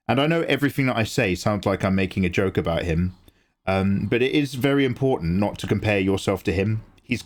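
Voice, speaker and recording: A man who streams his drawing and chats excitedly, swearing freely and reading out viewer messages. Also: on the low side. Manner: excitable, swears freely, reads chat aloud. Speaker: live-streaming artist. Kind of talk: casual livestream chat.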